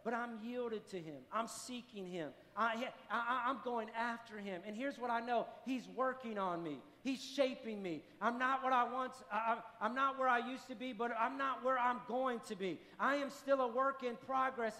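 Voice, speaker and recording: A man's voice: extremely high pitch, sharp tone. A pastor delivering an impassioned sermon, driving his points home with repeated declarations. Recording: long hall reverb, faint music.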